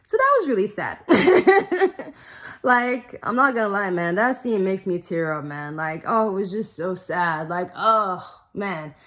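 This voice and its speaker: A woman's voice: mid-range voice, animated, normal speed, pushed and bright. A young adult woman casually chatting to camera, rambling with many fillers and getting emotional now and then. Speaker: vlogger.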